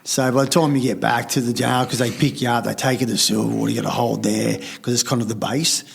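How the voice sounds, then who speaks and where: A man's voice: medium pitch, steady tone, quick pace, creaky, slight background noise. A middle-aged Australian man telling his story in casual conversation, blunt and swearing freely. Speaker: podcast guest.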